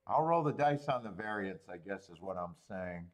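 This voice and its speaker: A low-voiced man hosts a horse racing betting livestream at normal speed, chatting casually and animatedly. He swears, laughs and rambles, often restarting his sentences.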